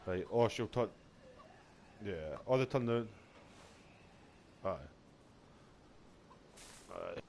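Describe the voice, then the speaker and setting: Scottish male streamer, low-pitched, loose and profane storyteller. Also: animated, slow, creaky, pauses often, a little mellow, slight background noise. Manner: sweary, rambling storyteller. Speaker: game streamer. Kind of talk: casual chat while gaming.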